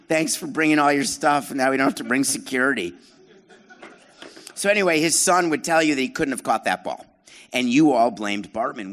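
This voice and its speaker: A man's voice: mid-range voice, a bit bright. A middle-aged man hosting a live podcast show on stage, telling stories to an audience in a sarcastic, self-deprecating way and needling the crowd. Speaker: podcast host and former baseball team president.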